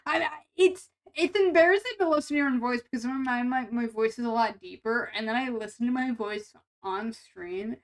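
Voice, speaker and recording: A young woman streaming live, her voice a touch higher than most and noticeably nasal. She rambles and giggles through casual chat with her viewers, tripping over restarts as she goes. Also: moderate pace, hardly any pauses.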